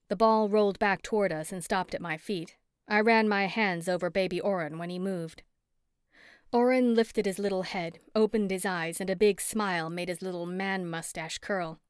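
A woman narrating a first-person cozy mystery audiobook on a close studio mic, lively and expressive in dialogue. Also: mid-range voice, moderate pace, clear, resonant tone, dry recording.

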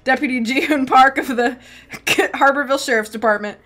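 A woman reading aloud, voicing a blustering, self-important male deputy sheriff in a brash, loud manner. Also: high-pitched, normal speed, pitched above the performer's own voice. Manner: pompous and brash, louder than the narration.

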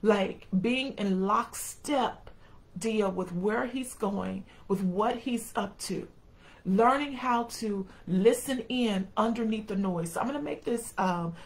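A woman's voice: medium pitch, rough recording. A middle-aged woman preaching a sermon in a folksy way, speaking straight to the congregation and acting out quotes. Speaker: preacher and educator.

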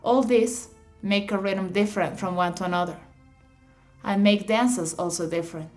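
Woman, mid-pitched, scripted instructional narration, measured explanatory reading, faint background music. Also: darkish tone. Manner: measured, explanatory reading with slightly awkward phrasing.

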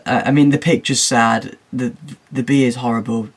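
A man's voice: medium pitch, fairly even intonation, moderate pace, slightly rough. A teenage boy talking casually in a vlog, rambling and jokey, often laughing at his own remarks. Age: teens. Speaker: YouTuber.

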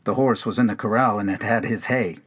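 A man's voice: on the low side, steady tone, fairly quick, slightly rough. Old cabin-dweller, quavering and proud, bewildered, slightly raised voice, read by a man in a poetry reading. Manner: quavering, proud, sing-song retelling.

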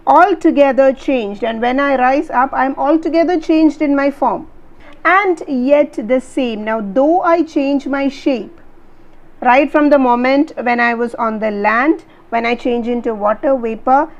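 A woman with a fairly high voice and an Indian English accent, explaining a poem line by line to students. She reads each verse slowly and deliberately, then breaks it down in simple, patient teacher talk. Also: highs cut off.

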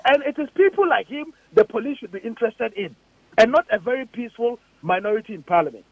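A man's voice: extremely high pitch, expressive, quick pace, no echo. A man with a Ghanaian accent, a politician on a radio interview, firing off emphatic, indignant rhetorical questions. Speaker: politician guest. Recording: dull lo-fi radio audio.

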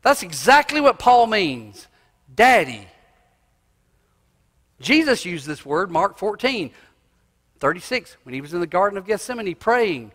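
A male pastor preaching a sermon in a church, swinging from loud cries to hushed asides. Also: sits high, sing-song, a little slow, pauses often. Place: church sanctuary. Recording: long reverb of a church hall.

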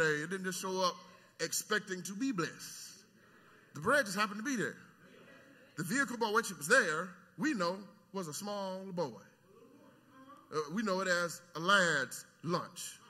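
High bright preaching man in a reverberant church. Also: slightly rough. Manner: swings between soft teaching and loud shouted preaching; stammering repetitions, call-and-response with the congregation. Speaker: pastor. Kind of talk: sermon. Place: church sanctuary. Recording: long church hall reverb.

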